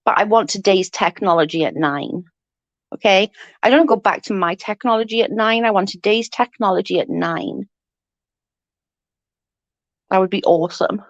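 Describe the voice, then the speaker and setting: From home, a woman in her forties rambles in a casual livestream chat, laughing often and swearing freely with viewers. Her mid-range voice moves at normal speed with long pauses, and the lo-fi recording is dull and dry with no room sound.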